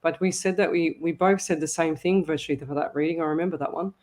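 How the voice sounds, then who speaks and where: A woman hosting a live psychic radio show, reading listener comments aloud and giving readings with hesitant pauses. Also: deep voice, steady tone, a little mellow. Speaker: psychic medium host.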